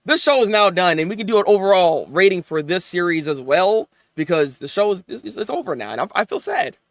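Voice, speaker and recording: A man with a high voice hosts a casual anime review at a brisk clip, excited and rambling, laughing often, stammering, and acting out characters. The audio is clean studio sound with no room echo.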